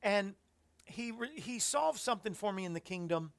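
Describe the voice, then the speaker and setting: A man's voice: high voice, expressive, moderate pace, vocal fry, clear, resonant tone. A man hosting a Christian radio commentary show, musing on scripture in a reflective, rambling way with frequent fillers. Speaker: host.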